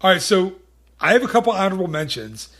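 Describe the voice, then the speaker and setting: A man's voice: sits high, very animated, fast talker, a bit bright. A man hosting a podcast in casual chat, rambling and teasing, with many restarts. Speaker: podcast host.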